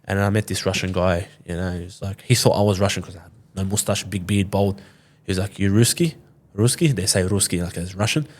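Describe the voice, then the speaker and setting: A podcast guest from Sydney, Australia, in his twenties, talks fast in a low-pitched voice with a level tone. He tells his story in a loose way, swearing plenty and playing out the dialogue of others.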